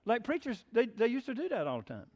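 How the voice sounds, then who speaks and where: A man's voice: very high voice, wildly swooping pitch, fast, a little mellow, muffled recording. A man preaching a sermon in a folksy, plainspoken storytelling way. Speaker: pastor.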